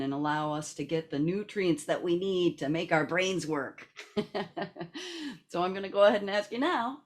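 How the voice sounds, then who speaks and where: A woman leading a seated laughter and breathing exercise over a video call, coaxing and playful, laughing often. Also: lowish voice. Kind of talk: guided group exercise.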